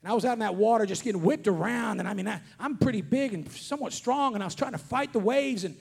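A man preaching a sermon as a traveling preacher at a conference, talking earnestly and repetitively and rising to shouts on key points. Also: high voice, fast talker, creaky, slightly rough. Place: conference hall before an audience.

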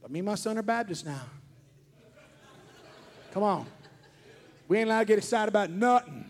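A man, preaching a fervent sermon as pastor, shouting his points and mixing in joking asides. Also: high voice, animated, normal speed. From Kentucky. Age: 40s.

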